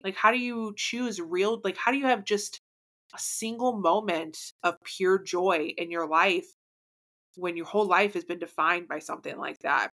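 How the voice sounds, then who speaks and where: A woman's voice: on the low side, normal speed, a bit bright. A woman co-hosting a podcast in casual chat, rambling, swearing freely and laughing often. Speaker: podcast co-host.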